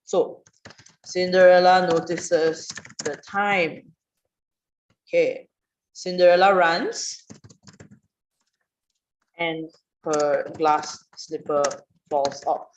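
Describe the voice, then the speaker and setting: A woman teaching an online writing class, questioning students and praising their answers in a lively way. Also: fairly low pitch, drawn-out words, long pauses, a little hiss or hum. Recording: roomy, dull online class audio.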